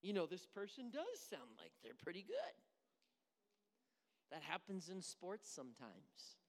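A pastor delivering a sermon, shifting between hushed near-whispers and loud, emphatic bursts. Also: medium pitch, huge pitch swings, a little slow, long reverb tail.

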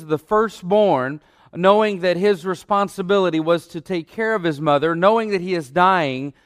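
Preacher guy, pretty high voice, dry close mic, hammers phrases over and over. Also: a bit bright, smooth, no echo. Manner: emphatic, repeats key phrases. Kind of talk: sermon. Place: church stage.

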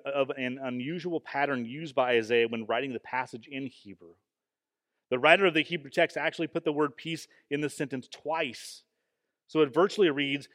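Man giving an earnest sermon, emphatic with frequent restarts, mid-pitched voice, hall echo. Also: a bit bright. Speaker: pastor. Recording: long hall reverb.

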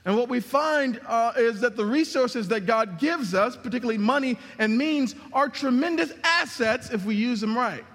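A man preaching a sermon as pastor, emphatic, with sweeping swings in pitch and volume. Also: normal speed, few pauses, fairly bright tone, long reverb tail. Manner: emphatic preaching with dramatic drops and rises in pitch.

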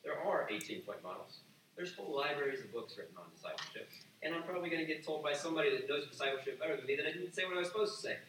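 A man preaching a sermon to a live audience, talking conversationally with emphatic, loud acted-out asides. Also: fairly high pitch, expressive, rapid-fire, noisy background. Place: large room with an audience. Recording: echoey room, voice from a distance, faint ambience.

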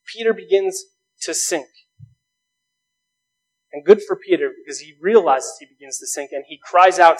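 A man preaches a sermon in a strikingly high voice, earnest and animated, piling up rhetorical questions and driving each point home with rising emphasis. He talks at a normal pace but pauses often, and the recording is rough.

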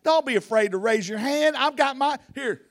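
In the wind outside, a man preaches a sermon at normal speed in a high voice. He comes across as animated and folksy and talks with casual, everyday grammar.

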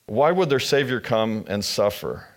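A man's voice: lowish voice, sing-song, a little slow. A man preaching a sermon as pastor, retelling scripture in casual, conversational storytelling.

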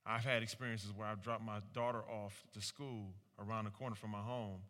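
Animated man working a crowd in a hall. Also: lowish voice, a little fast. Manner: animated, rhetorical questions, acts out quoted voices. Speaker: speaker at a community talk. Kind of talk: preaching-style public talk with audience call-and-response. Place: large room with an audience. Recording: reverberant hall.

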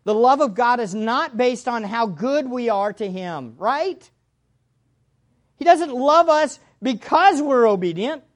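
Slow, emphatic woman preaching a sermon. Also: on the high side, animated. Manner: emphatic, repeats key phrases, swings between loud and hushed; addresses the congregation directly.

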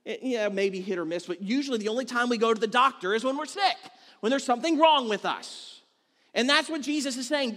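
A man's voice: very high voice, fairly quick, bright, forceful tone. A man preaching a sermon as pastor, earnest and conversational, building points through repetition. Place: church sanctuary. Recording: long hall reverb.

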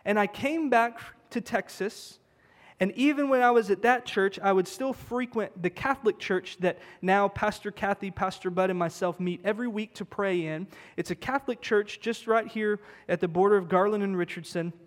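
A man's voice: high-pitched, moderate pace. A man preaching a sermon as pastor, emphatic and conversational, repeating words for stress. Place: church sanctuary. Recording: long church-hall reverb.

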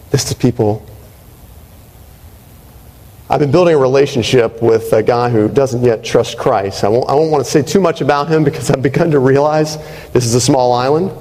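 Conversational pastor in a reverberant hall. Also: male voice, mid-range voice, expressive, moderate pace, pauses often, warm tone. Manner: conversational preaching with frequent rhetorical "right?". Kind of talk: sermon.

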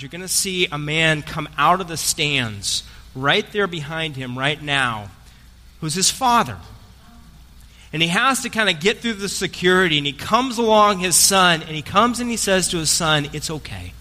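In a church sanctuary with long hall reverb, a pastor preaches an Easter sermon conversationally, telling a story and joking with the congregation. His voice is on the high side, bright and forceful, with lively intonation at normal speed.

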